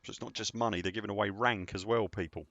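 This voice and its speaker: Very deep-voiced man streaming. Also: fairly even intonation, fast talker, fairly bright tone, no echo, lo-fi sound. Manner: chatty, rambling, answers viewer comments. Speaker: game streamer. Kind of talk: casual live-stream chat.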